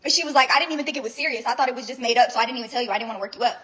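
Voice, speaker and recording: A woman's voice: a little high, rapid-fire, a bit bright, poor audio. A young woman telling a rambling, blunt story full of swearing and fillers. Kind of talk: casual storytelling recap.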